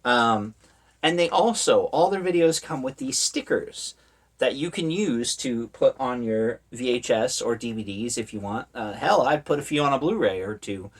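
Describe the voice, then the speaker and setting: Young man, casual haul chat, rambling, lots of ums and uhs, easygoing middle-pitched voice. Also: lively intonation, moderate pace, slightly rough. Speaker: horror media collector vlogger.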